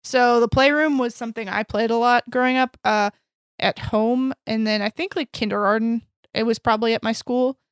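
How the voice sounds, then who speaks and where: A woman's voice: on the high side, steady tone, normal speed, clear, resonant tone, no echo, studio quality. A woman in her thirties co-hosting a podcast, chatty and steering to the next topic. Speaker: podcast co-host. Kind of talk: casual chat.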